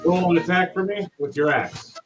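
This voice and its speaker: A man's voice: high-pitched, moderate pace, distant mic, music in the background, low-quality recording. A man running a tabletop game as game master, narrating the action casually with the odd um. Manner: casual, hesitant with ums.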